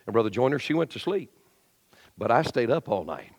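A middle-aged male pastor preaching a lively sermon in a church, acting out the voices of complainers and shifting to quiet storytelling. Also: medium pitch, brisk. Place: church sanctuary. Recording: long hall reverb.

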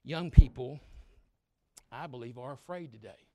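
A man in his sixties preaching a sermon. He swings from loud exhortation to quiet, personal storytelling and acts out grumbling children in quick asides. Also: medium pitch, no echo. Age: 60s. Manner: preaching loudly with sudden drops to quiet storytelling.

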